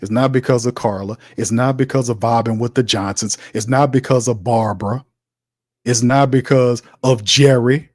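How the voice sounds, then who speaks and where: A man hosts a sports talk livestream in an exasperated, heated rant. He keeps saying "man" and "fam" and often laughs as he talks back to his chat. His voice sits at a middle pitch, recorded dry with no room sound. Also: a little mellow, dry recording. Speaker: sports talk show host.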